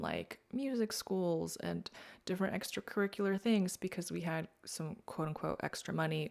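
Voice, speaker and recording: A woman hosts her own podcast in a candid, searching way, leaning on "like" as she works through her thoughts. Her voice sits fairly low and carries a strong gravelly fry. She drops into whispered asides at times and lifts her voice when her feelings well up. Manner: candid, searching, filler-heavy with frequent "like"; shifts between quiet, whispered asides and raised, emotional moments. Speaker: podcast host. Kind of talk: personal reflective podcast talk.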